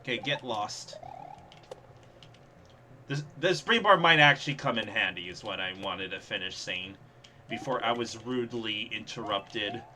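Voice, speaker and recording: A young man giving live, sarcastic gameplay commentary as he streams, reacting fast and laughing at his own mishaps. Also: lowish voice, animated, pushed and bright, a little hiss or hum. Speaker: streamer playing a level contest.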